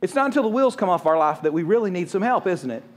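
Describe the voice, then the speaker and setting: Fast-talking, high-voiced male pastor preaching. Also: lively intonation. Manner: fast, conversational preaching with quick jokes and acted-out quotes. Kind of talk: sermon.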